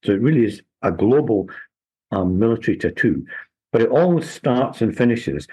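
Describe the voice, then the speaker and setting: An older man, a local historian telling history in a measured, unhurried way during an interview. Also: fairly low pitch, lively intonation, a little mellow, slightly rough, rough recording. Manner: measured, unhurried storytelling with small restarts. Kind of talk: relaxed storytelling interview.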